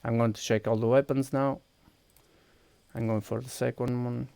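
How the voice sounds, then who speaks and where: A man with a Portuguese accent chats casually on a live game stream, talking viewers through each step as he goes. His voice has a gravelly, creaky edge and a mid pitch. The sound is dry and close, with no room echo. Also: level tone, normal speed, mellow. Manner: walks viewers through steps while clicking, thinking aloud.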